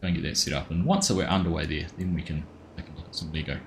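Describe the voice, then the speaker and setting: A deep-voiced Australian man chats easily on a live game stream, greeting viewers one by one in a relaxed, friendly way. He talks from a home desk, and there is a faint hum of ambience behind him. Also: racing. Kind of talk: casual live stream chat.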